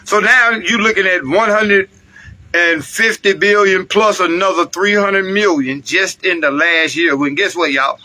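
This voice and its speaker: High, tense American man ranting. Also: fairly even intonation, unhurried, sharp tone. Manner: heated, profane, addresses viewers directly. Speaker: political commentator. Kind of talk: ranting livestream commentary.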